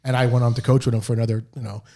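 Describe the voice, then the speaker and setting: A man's voice: medium pitch, flat delivery, racing, warm tone. A middle-aged man, a guest in an interview, telling long rambling stories about his coaches. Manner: rambling anecdotes, acts out quoted dialogue. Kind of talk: storytelling in a podcast interview.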